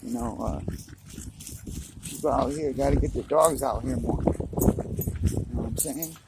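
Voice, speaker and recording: Guy walkin his dog and talkin, gravelly voice, easygoing, bit of outdoor noise. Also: medium pitch, moderate pace. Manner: laid-back, chatty, full of "you know what I'm saying". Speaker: dog owner vlogger. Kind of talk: casual walk-and-talk vlog.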